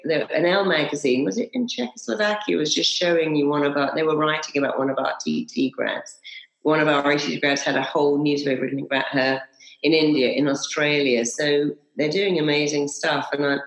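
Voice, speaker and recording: Emphatic gravelly woman in echoey room. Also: low voice. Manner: emphatic, acts out inner voices, repeats slogans. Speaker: hypnotherapy trainer, guest. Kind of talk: animated interview storytelling.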